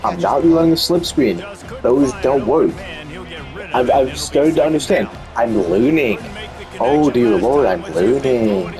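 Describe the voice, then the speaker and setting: A man's voice: mid-range voice, expressive, takes it slowly, music in the background, low-quality recording. A man giving live commentary over his own football video game, exasperated, self-mocking and pleading with the players. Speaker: gaming commentator.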